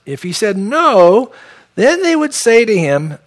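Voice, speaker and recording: A man's voice: high voice, lively intonation, a little slow. A man from San Diego teaching verse by verse through a Bible passage as pastor, with conversational, folksy asides.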